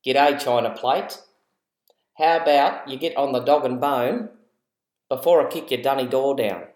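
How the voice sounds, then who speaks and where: A man's voice: mid-range voice, a little slow, a little mellow, lightly acted. Brash ocker bloke, broad Australian accent, cheeky and slangy, a man hamming it up, echoey room. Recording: roomy echo.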